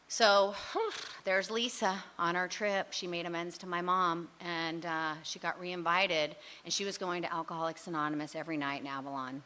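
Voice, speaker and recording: A woman with a bright, forward voice tells her own story to a recovery group. She talks candidly and in a rambling way, pokes fun at her old self, and fills her talk with "you know" and "like". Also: lowish voice, steady tone, normal speed. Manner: frequent fillers like "you know" and "like". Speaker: speaker sharing at a recovery meeting.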